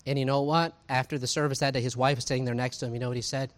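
A man, preaching a sermon in a conversational, animated way, full of asides and rhetorical questions. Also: mid-range voice, rapid-fire. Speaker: pastor.

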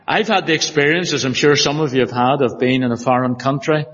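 A man's voice: medium pitch, brisk, a bit bright. A man with a Northern Irish accent preaching an earnest, emphatic expository sermon in a church hall, with a prayer. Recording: dull audio with long hall reverb.

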